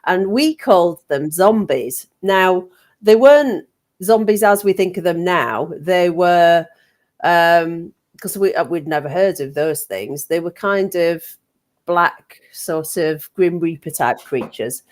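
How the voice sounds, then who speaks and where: A middle-aged woman from England telling a personal story in a casual, chatty way, with frequent ums and lively acted-out quotes. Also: lowish voice, slow pace. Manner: chatty, animated, frequent ums, acts out children's shouts.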